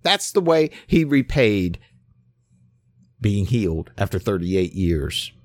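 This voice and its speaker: A man preaching a conversational sermon, emphatic, with quick acted-out asides. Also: lowish voice, very animated, a little mellow, no echo. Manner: conversational, emphatic, acts out scenes.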